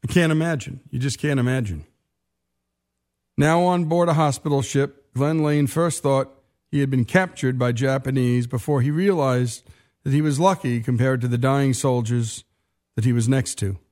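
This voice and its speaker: A male host giving measured, somber scripted documentary narration. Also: medium pitch, darkish tone.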